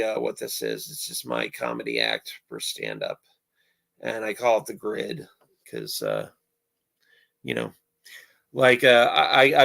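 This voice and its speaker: A man's voice: mid-range voice, creaky, fairly bright tone. A man explaining his stand-up comedy act in a rambling, casual way, with many fillers and restarts.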